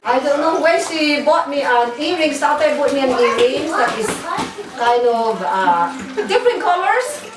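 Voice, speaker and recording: Middle-aged woman, earnest halting storytelling, slightly high voice, roomy echo, background noise. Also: sing-song. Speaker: family member. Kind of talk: casual family storytelling. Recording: echoey room, distant mic, noise.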